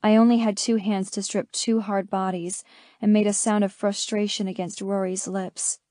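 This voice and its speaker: A woman narrating a first-person romance audiobook in an intimate, measured reading. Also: mid-range voice, level tone, dark tone, no room sound, clean studio sound.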